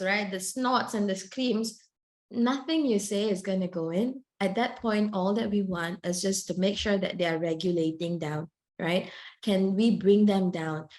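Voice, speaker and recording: Woman presenting, tag question after points. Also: mid-range voice. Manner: ends many points with the tag question "right?"; brief laughs mid-sentence. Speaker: clinical psychologist presenting a parenting webinar. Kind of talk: webinar presentation.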